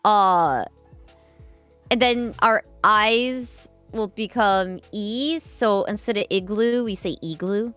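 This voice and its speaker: A woman's voice: medium pitch, slow pace, fairly bright tone, clean tone, faint music behind. A woman from the US Midwest with a Midwestern accent, chatting and explaining on a stream. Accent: Midwestern American. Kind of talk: casual stream chat.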